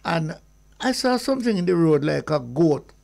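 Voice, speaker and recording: An older man with a Jamaican accent, telling anecdotes in an animated way on a radio talk show and slipping into patois. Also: a little high, moderate pace, creaky. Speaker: guest. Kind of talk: storytelling radio chat.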